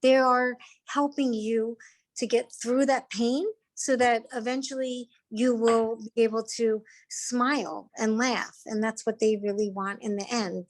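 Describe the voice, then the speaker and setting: A woman hosts a podcast as a psychic medium. Her voice sits a little high, and she talks in a soft, soothing, reassuring way. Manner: gentle and reassuring. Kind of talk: podcast talk.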